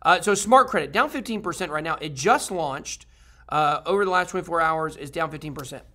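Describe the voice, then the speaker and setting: A man's voice: a little high, expressive, brisk, pushed and bright. Rambling upbeat man hosting a crypto stream. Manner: rambling and upbeat, many fillers and restarts. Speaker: crypto video host. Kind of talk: casual commentary to viewers.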